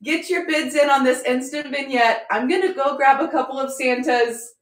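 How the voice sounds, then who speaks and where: A woman selling at a live-stream auction, bubbly and excitable, often apologizing and thanking her viewers. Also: sits high, normal speed. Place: home room with a chalkboard. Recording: echoey room.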